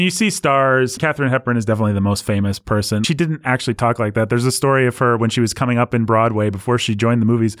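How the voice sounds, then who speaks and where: A man's voice: medium pitch, dry recording, studio quality. A man hosting a casual film discussion, explaining at length with many restarts. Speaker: podcast host.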